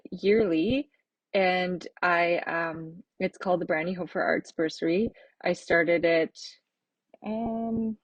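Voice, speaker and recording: A woman's voice: lowish voice, husky, no room sound, muffled recording. A middle-aged woman hosting a podcast, talking in an earnest, reflective way that rambles with fillers and restarts. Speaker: podcast host and artist. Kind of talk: casual heartfelt monologue.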